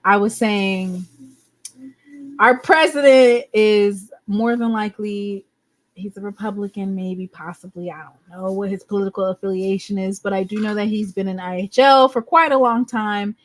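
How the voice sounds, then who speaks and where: A woman hosting a casual live podcast, animated and joking with her viewers. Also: mid-range voice, normal speed. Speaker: podcast host. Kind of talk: casual livestream chat.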